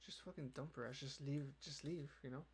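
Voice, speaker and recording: A young podcast host with a slightly high voice talks fairly quickly in a casual chat. He rambles, swears, and slips "you know" into almost every line, with keyboard clicks and noise in the background.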